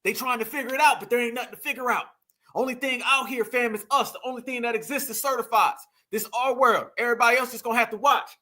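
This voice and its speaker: A man with a high, very bright voice talks straight to his audience in a commentary vlog. His delivery is preachy and emphatic, full of slang and repeated rallying calls. He also slips into mocking laughter. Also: steady tone, fast. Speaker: host.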